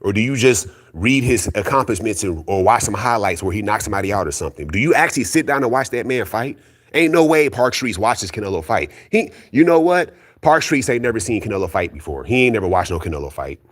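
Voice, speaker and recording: A man's voice: on the low side, expressive, quick pace. A man delivering a heated solo rant about boxing, blunt and profane, repeating his points insistently against his critics. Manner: profane, blunt, repetitive, argumentative; keeps calling out critics, insistent. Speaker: boxing commentary YouTuber.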